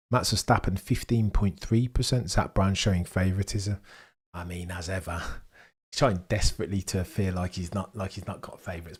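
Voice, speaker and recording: A young man hosting a live watchalong stream, chatting excitedly with his viewers and bantering as he goes. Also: low voice, slightly rough.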